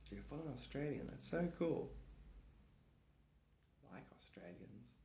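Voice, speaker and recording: A man talks to his viewers on a phone livestream, his loose, rambling chat bouncing around a hard, echoey room. His voice sits at an ordinary middle pitch. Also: measured pace, vocal fry, slight background noise. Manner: rambling, animated, spiritual talk. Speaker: livestream host. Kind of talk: casual livestream chat reading comments.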